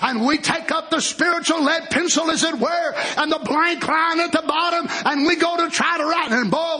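A man preaching as pastor, building to shouted, drawn-out lines. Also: extremely high pitch. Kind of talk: sermon.

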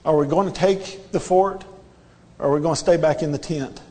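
A man's voice: fairly high pitch, moderate pace, mellow, in a large hall. A man preaching a sermon in a church, earnest and repetitive, pressing his listeners with rhetorical questions. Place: church sanctuary.

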